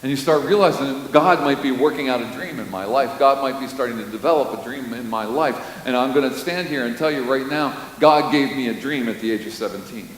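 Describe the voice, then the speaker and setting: A man's voice: mid-range voice, fairly quick, few pauses. Preaching man in an echoing hall. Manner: storytelling, animated, with sudden loud bursts. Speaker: pastor. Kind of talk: sermon. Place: church sanctuary. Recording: roomy hall reverb with faint hiss.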